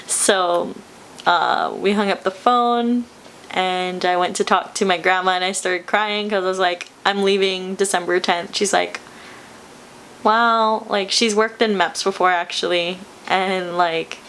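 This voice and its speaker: A woman's voice: medium pitch, fairly even intonation, a little slow, a bit bright, a little hiss or hum. Emotional young woman vlogging, laughing through tears. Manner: tearful, laughing, rambling with many fillers. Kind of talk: emotional personal vlog.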